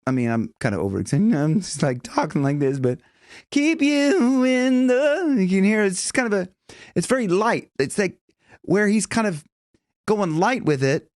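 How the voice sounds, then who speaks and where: Chatty male vocal coach, lively pitch. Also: a little fast, dry recording, studio quality. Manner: chatty, rambling, breaks into high sung examples and vocal fry. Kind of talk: casual vocal lesson with sung demonstrations.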